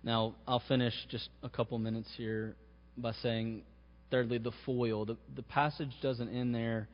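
A man's voice: mid-range voice, little pitch movement, unhurried. A man preaching a sermon, his voice rising to stress key phrases. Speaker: pastor. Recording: muffled sound with long hall reverb.

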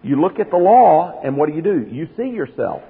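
A man with a slightly high, husky voice preaches with earnest emphasis and keeps putting questions to his listeners. His voice comes through a narrow, phone-like broadcast sound. A long reverb hangs behind each phrase, as in a large hall. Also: sing-song, a little fast. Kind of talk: sermon.

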